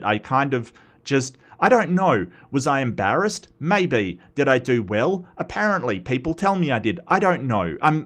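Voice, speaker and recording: A man's voice: mid-range voice, fairly bright tone. A man hosting a casual commentary video, talking in a rambling, self-deprecating way and often getting sidetracked. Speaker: commentary host.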